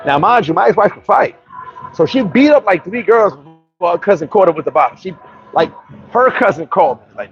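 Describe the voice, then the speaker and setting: A man's voice: high-pitched, animated, fairly quick, dull audio, soft background music. A man from New York telling brash, profane stories in a casual storytelling monologue as a vlogger.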